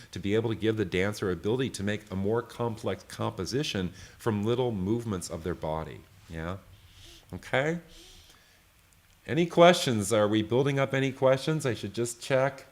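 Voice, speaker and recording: A man giving a live online software tutorial, loose and chatty, often checking in with "right?". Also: on the low side. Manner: loose, full of fillers and restarts. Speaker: software creator teaching a session.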